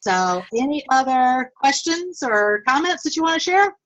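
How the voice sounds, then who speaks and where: A woman's voice: high voice, sing-song, normal speed, a bit bright, lo-fi sound. A woman leading her sales team on a video call, upbeat and encouraging, with many fillers. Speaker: network marketing team leader.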